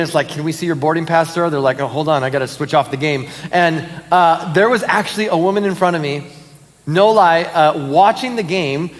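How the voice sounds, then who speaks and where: A high-pitched man, heard in a large hall, is a pastor giving casual announcements and stories at a church service in the auditorium. He tells them in an animated way, with fillers and frequent laughs.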